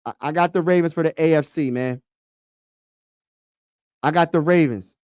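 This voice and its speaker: A man hosting a casual sports talk livestream, excitable and slangy, repeating himself and talking to his chat. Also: fairly high pitch, moderate pace, dry recording, clean studio sound.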